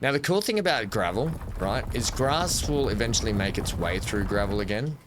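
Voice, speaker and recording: A man's voice: fairly low pitch, expressive, normal speed, noisy background. A man giving casual let's-play commentary at a desk microphone, thinking aloud and correcting himself as he builds. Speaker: gameplay commentator.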